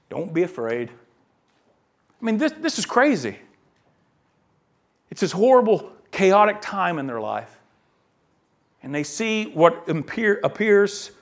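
A male pastor delivers a sermon in a high, light voice. He is animated and dramatic, acting out the people in the scripture he reads and moving from hushed asides to loud emphatic lines. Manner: animated preaching, acts out quoted voices, swings from soft asides to loud emphasis.

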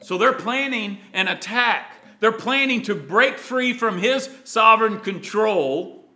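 A man preaching a sermon, dramatic, moving from loud emphasis to hushed, low lines. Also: expressive, slow pace.

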